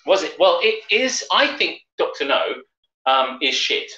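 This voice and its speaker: A man's voice: on the high side, very animated, a little slow, pushed and bright. A man co-hosting a casual drinking show, blunt and jokey in his opinions. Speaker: co-host. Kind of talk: casual boozy chat. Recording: roomy, muffled stream audio.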